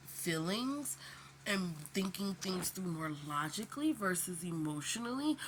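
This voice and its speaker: A woman's voice: medium pitch, sharp tone, slight background noise. A woman speaking in a casual, candid monologue to camera, emphatic and slangy, rambling with lots of fillers. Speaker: vlogger.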